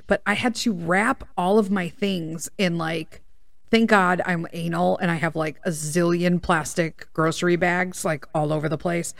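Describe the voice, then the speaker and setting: A woman with a lowish, gravelly voice rambles through a story on her podcast. She swears freely and keeps the telling animated. The sound is close and dry, with no room around her. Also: dry recording. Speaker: podcast host. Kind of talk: casual storytelling monologue.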